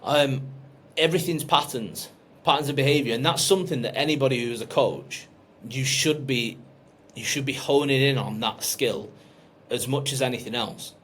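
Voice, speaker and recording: A man's voice: medium pitch, moderate pace, fairly bright tone, a little hiss or hum. A man, coaching a group on a call, blunt and emphatic with frequent swearing. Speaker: business coach.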